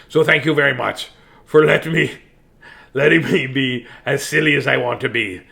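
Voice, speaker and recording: A man hosting a bedtime story video, hoarse, talking in a playful, silly way with pirate growls. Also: mid-range voice, measured pace, fairly bright tone. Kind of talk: casual bedtime sign-off to viewers.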